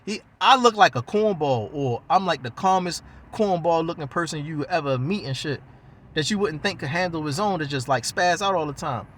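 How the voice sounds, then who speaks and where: Animated Baltimore man telling a story. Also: on the high side, normal speed, a little hiss or hum. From West Baltimore. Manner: animated, profane, slangy, acts out other people's lines. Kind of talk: casual storytelling.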